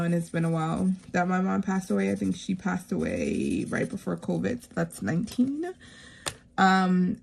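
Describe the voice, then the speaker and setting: A woman in her thirties chatting casually while stuffing savings envelopes, rambling and heartfelt, with lots of fillers and softly counted money. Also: fairly low pitch, gravelly, a little hiss or hum. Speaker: savings vlogger.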